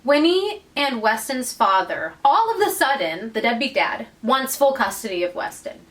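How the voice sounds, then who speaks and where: Woman podcast co-host, higher voice, lively recapper, slightly distant mic with light background hiss. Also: moderate pace. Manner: animated storyteller, acts out characters' lines. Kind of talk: casual chat, retelling a book plot.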